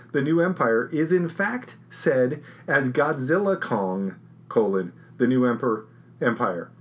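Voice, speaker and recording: A man co-hosting a casual movie chat, joking and reading bits of articles aloud. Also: a little high. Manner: animated, reads articles aloud, jokey. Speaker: podcast co-host.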